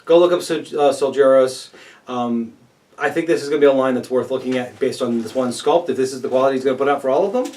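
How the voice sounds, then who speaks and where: A man's voice: medium pitch, fast talker, a little mellow, slight background noise. Chatty man on a distant mic. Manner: chatty, upbeat, stumbles over names. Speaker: co-host. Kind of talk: casual chat reviewing crowdfunding campaigns.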